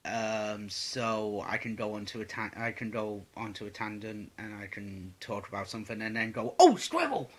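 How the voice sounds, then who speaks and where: Sweary, rambling young Englishman, bright voice. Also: fairly low pitch, flat delivery, normal speed, few pauses. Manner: rambling, sweary, many fillers. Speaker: vlogger answering viewer questions. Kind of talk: casual Q&A vlog.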